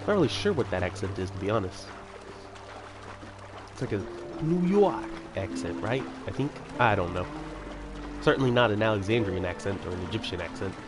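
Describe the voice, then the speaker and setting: Speaking in a lowish, animated voice, this man moves fairly quickly but pauses often. He's a let's-play commentator, rambling through a video game with self-deprecating chatter while game music plays behind him.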